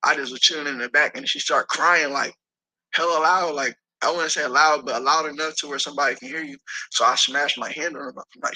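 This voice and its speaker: A man tells a story in a casual interview with a husky, strained voice. His tone is piercing and tense. He talks in an animated, profane way and acts out the people he quotes. The sound is dry and close. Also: medium pitch, fast talker, dry recording, low-quality recording. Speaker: interview guest.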